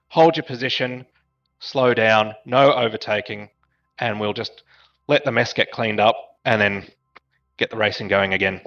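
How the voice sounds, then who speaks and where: A man's voice: mid-range voice, moderate pace, a bit bright, highs cut off, faint music behind. A man giving the race briefing over voice chat to online sim racers. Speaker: race director.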